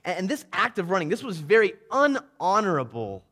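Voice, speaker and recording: A man preaching a sermon, retelling a story vividly and swinging between loud emphasis and hushed tones. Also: high voice, sing-song, brisk.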